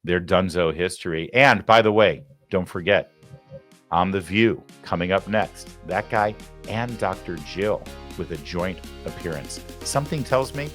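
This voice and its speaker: A man hosting a political commentary show, heated and sarcastic, swinging from loud outbursts to low muttering. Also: animated, measured pace, faint music behind. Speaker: host.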